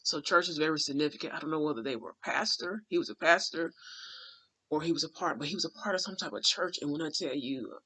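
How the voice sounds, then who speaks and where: A man recounting a vivid dream in casual, rambling speech, emotional and full of fillers, sometimes dropping to a hushed aside. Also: on the high side, fast, husky. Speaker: dream channeler.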